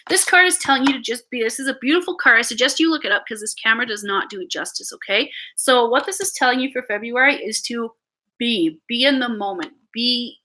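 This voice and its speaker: A Canadian woman hosts a live tarot reading from her computer. Her voice sits a little high and sounds bright and forward. She talks to viewers in a chatty, halting way and often repeats words before finishing a thought. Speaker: tarot reader.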